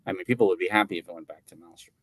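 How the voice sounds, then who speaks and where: A man's voice: sits low, rapid-fire, slight background noise. A man co-hosting a casual podcast chat, rambling and jokey, often restarting his sentences. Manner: rambling, self-interrupting, jokey. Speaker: podcast co-host.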